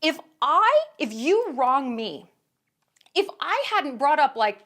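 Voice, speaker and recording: Woman, high voice, very animated pitch, blunt, profane, sarcastic commentary. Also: a little slow. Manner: sarcastic and indignant. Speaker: commentary vlogger. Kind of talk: casual opinion commentary.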